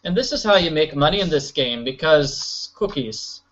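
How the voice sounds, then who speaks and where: A man chatting through a video game, joking as he goes. His pitch jumps around a lot. The recording sounds dull and lo-fi. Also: normal speed. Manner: joking, animated, silly voices. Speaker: let's play host. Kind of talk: casual gameplay commentary.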